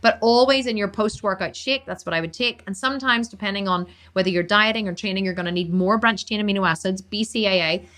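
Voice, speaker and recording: A woman fitness coach answering viewer questions on a live stream, talking fast, blunt and emphatic. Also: mid-range voice, a bit bright.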